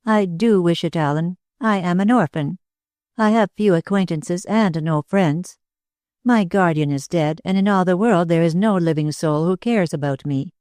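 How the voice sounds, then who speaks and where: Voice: medium pitch, normal speed, clean tone, no echo, clean studio sound, lightly acted. A narrator voicing a proud, bitter young woman. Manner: steady and bitter. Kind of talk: audiobook character reading.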